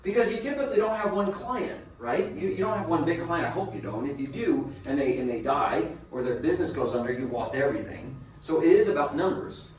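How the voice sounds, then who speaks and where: A man giving a motivational seminar as a business coach, a lively storyteller who asks his listeners rhetorical questions. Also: fairly high pitch, fairly quick, hardly any pauses. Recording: very echoey room, mic far off, faint noise.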